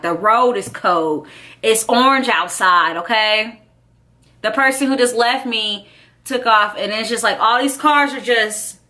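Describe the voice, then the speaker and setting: Bright-voiced young woman telling a story. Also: mid-range voice. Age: young adult. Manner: animated, chatty, keeps checking in with the viewer. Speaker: vlogger. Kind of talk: personal storytelling to camera.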